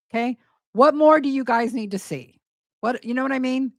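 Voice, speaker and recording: Brief: higher-pitched woman commentator, dry close sound, emphatic and incredulous. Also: normal speed, no room sound. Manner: incredulous, emphatic, repeats words for effect. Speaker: commentary host. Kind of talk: casual commentary.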